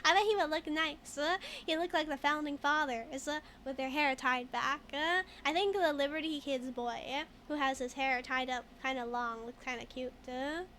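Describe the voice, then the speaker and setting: A woman's voice: high voice, moderate pace, few pauses, pushed and bright, slight background noise. A woman streaming a video game in a casual, chatty way, laughing often while she reads game text aloud and answers chat.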